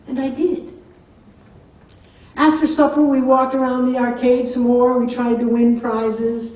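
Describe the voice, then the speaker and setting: A woman's voice: high voice, little pitch movement, unhurried. Older woman storyteller, chatty and amused; tinny sound, very echoey hall, far from the mic. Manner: chatty, amused, laughs often. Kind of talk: live personal storytelling. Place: performance hall.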